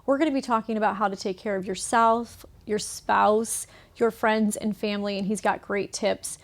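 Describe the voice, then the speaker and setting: A woman's voice: mid-range voice, steady tone, normal speed. A woman hosting a podcast, introducing her guest with upbeat enthusiasm. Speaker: podcast host. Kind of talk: casual interview.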